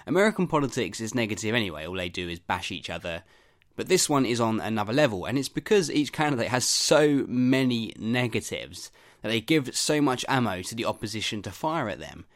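A man hosts a comedy news podcast in a casual, wry tone. He chats along with a sarcastic edge in an ordinary mid-pitched voice. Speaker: podcast host. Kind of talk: casual topical commentary.

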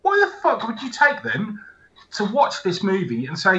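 Male co-host, blunt and profane, animated pitch, dull lo-fi audio. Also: moderate pace. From United Kingdom. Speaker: podcast co-host. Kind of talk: casual ranting film chat.

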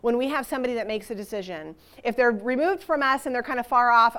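A woman teaches a Bible passage to a church group in a conversational, animated style, posing rhetorical questions. Her voice is fairly high, fast and smooth.

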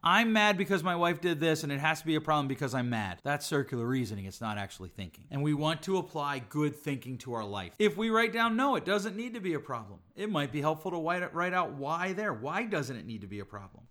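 A middle-aged man with a somewhat high voice, hosting a podcast on relationships. He teaches emphatically, stacking repeated phrases and rhetorical questions as he makes his points. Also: fairly bright tone. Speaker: podcast host, relationship speaker.

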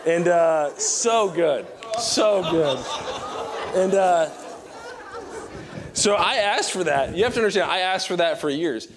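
A young man from Virginia giving an animated, self-mocking sermon full of storytelling. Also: sits high, slow pace, long pauses, a crowd in the background, background noise. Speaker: pastor.

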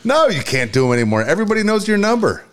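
A man's voice: sits high, very animated, rapid-fire, a bit bright. Laid-back man bantering in casual chat. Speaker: co-host.

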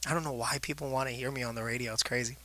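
A man's voice: medium pitch, steady tone, very fast, sharp tone. A man hosting a wrestling radio show in rambling, jokey casual chat. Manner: rambling, jokey, laughs a lot.

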